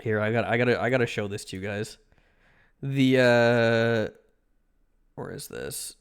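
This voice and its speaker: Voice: mid-range voice, unhurried, clean tone. A livestreamer chatting casually with viewers, rambling with many restarts and filler words.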